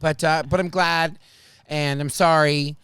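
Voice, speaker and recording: A man's voice: fairly high pitch, fairly even intonation, measured pace, fairly bright tone, clean tone, no room sound, clean studio sound. A man hosting a casual podcast chat, rambling and emotional, laughing often and full of fillers. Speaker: podcast host.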